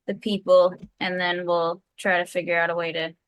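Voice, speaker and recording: A woman's voice: on the low side, level tone, moderate pace, clear, resonant tone, no room sound, poor audio. A woman playing a tabletop game, talking casually and asking the table before acting. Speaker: player.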